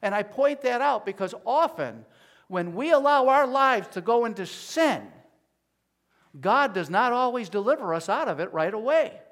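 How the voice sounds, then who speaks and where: A man preaching a sermon as pastor, at times rising to loud pleading as he voices people's prayers. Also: extremely high pitch, animated, moderate pace. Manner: builds to loud pleading when voicing prayers.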